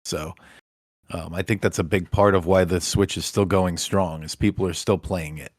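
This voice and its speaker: A man co-hosting a casual podcast, talking in a relaxed, rambling, self-deprecating way. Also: sits low, moderate pace, no echo, clean studio sound. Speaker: podcast co-host. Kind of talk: casual chat.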